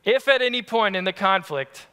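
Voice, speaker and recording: A man preaching a sermon as pastor, telling family stories in an animated, lively way. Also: high-pitched, normal speed, clear, resonant tone. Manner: animated, acts out family scenes. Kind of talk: storytelling sermon. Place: church sanctuary. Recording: long church-hall reverb.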